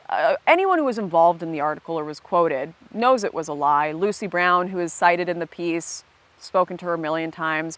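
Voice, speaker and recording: A woman giving casual commentary to camera, animated and blunt, often breaking into laughter. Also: fairly low pitch, dry recording. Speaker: video commentator.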